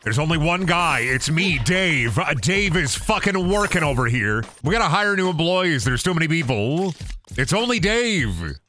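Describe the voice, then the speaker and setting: A man's voice: fairly high pitch, sing-song, normal speed, sharp tone, faint music behind. A young man giving goofy, joking commentary on a game stream, swearing and laughing often.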